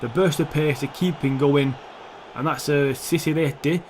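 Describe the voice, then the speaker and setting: A young man commentates his football video game from his home setup. He swears freely and talks straight to the players on screen, his voice sitting a little high for a man. A faint hiss runs under the recording. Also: normal speed. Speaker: gaming YouTuber. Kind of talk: gameplay commentary.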